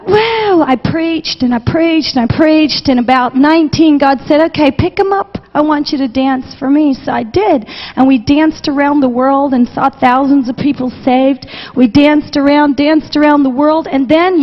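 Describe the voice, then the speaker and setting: A woman's voice: high voice, measured pace, hardly any pauses. A woman missionary preacher giving an emotional testimony sermon, passionate and repetitive, close to tears at times. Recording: dull recording with long hall reverb.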